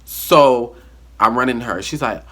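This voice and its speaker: Husky, bright-voiced man telling a story. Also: medium pitch, a little slow. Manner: animated, acts out the dialogue. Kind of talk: casual storytime monologue.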